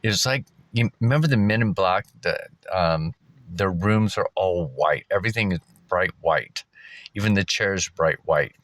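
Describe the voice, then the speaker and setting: Deep-voiced man rambling casually. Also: normal speed, a bit bright. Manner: rambling, many fillers and restarts, chuckling. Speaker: vlogger. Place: outdoors at a park.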